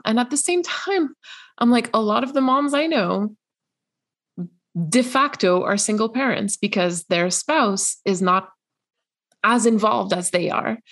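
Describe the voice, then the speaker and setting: A woman's voice: medium pitch, gravelly. A woman with a mid-range voice co-hosts a casual podcast. She talks in a chatty, hedging way, restarting her sentences and laughing often. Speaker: podcast co-host. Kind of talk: casual chat.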